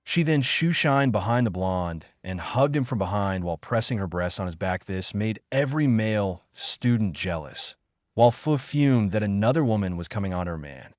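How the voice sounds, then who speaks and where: Guy reading a fanfic, lowish voice, dead dry sound. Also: expressive, moderate pace, dry recording. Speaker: narrator. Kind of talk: fan fiction reading.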